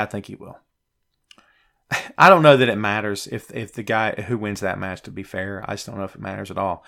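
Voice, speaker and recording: A man's voice: lowish voice, vocal fry, fairly bright tone. Chatty man hosting a wrestling show. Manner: chatty and opinionated, addresses viewers by name. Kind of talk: live show answering viewer chat.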